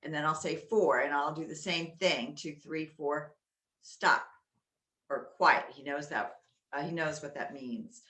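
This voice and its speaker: A loud, chatty woman explaining dog training in a ringing, bright voice over a roomy echo. She talks on the low side and sounds forceful, with plenty of ums as she goes. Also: unhurried. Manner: loud, chatty, with many fillers. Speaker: dog owner teaching at-home dog games. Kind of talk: casual how-to talk. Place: inside a home. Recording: echoey room.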